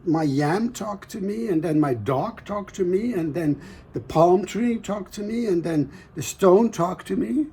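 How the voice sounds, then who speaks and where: Brief: storyteller's panicky farmer, pitched up, breathless listing. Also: male voice, expressive, a little slow, dark tone, breathy edge, exaggerated voice. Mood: frightened. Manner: breathless listing, rising alarm. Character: frightened farmer, grown man.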